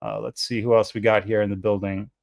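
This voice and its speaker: A man's voice: lowish voice, level tone, fast talker, vocal fry, no room sound. An American man hosting a fragrance live stream, chatting in a rambling, self-deprecating way. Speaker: fragrance channel host. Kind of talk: casual live-stream chat.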